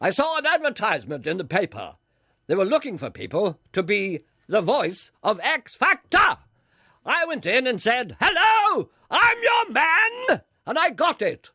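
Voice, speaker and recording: A man playing a grandiose showbiz announcer, swooping high and wide as he trumpets his own importance. His voice rings bright and forceful in a dry, close radio sketch. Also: huge pitch swings, unhurried, no echo, full character voice. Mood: pompous. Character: pompous booming male TV announcer, self-important.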